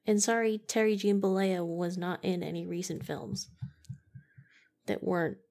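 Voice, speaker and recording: A woman's voice: lowish voice, steady tone, moderate pace, a little mellow. A woman co-hosting a casual late-night podcast, teasing with a dry sense of humor. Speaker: podcast co-host.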